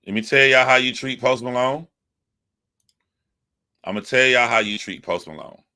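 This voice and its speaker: A man's voice: mid-range voice, normal speed, pushed and bright. A young man from the United States giving profane, emphatic commentary, repeating his points as he rants. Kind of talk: ranting commentary.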